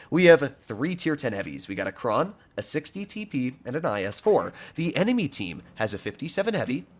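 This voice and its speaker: Animated young man commentating gameplay. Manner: lively, animated pitch, argumentative and emphatic. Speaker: gaming commentator.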